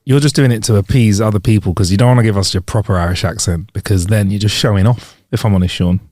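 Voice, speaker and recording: A man's voice: fairly low pitch, fast, a little mellow, no echo, studio quality. A man co-hosting a podcast, chatting casually with laid-back, slangy banter. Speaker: podcast co-host. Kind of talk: casual chat.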